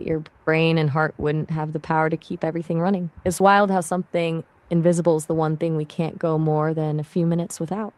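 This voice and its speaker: Mellow, chatty AI assistant woman's voice. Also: on the low side, dry recording. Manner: friendly, chatty, asks questions back. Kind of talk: casual conversational answers.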